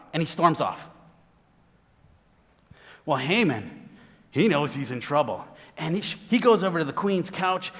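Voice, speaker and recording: A man's voice: high voice, lively intonation, a little slow, sharp tone, long reverb tail. A man preaching a sermon, retelling a Bible story with voices for its characters.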